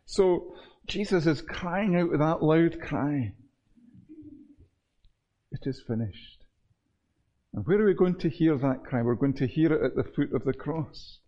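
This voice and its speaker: A man preaching a sermon in an earnest, measured way, often repeating words for emphasis. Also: on the high side, lively intonation, warm tone, muffled recording.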